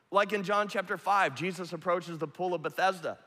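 A man's voice: high voice, a little fast, sharp tone. A man preaching a sermon, retelling a story earnestly and vividly. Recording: long hall reverb.

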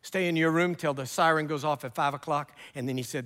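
Animated male preacher in a hall. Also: a little high, a little fast. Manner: animated storyteller acting out dialogue. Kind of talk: sermon storytelling.

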